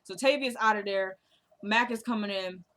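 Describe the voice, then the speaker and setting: A woman's voice: medium pitch, moderate pace, sharp tone. A young woman casually retelling a TV episode, acting out the characters' lines in a chatty way. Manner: chatty retelling with quoted dialogue. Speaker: recap host.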